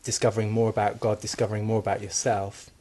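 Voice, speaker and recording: A man's voice: lowish voice, level tone, fast talker, dark tone. A man answering interview questions in a casual, candid way, playing along with a comedy sketch. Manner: casual, candid, laughing easily.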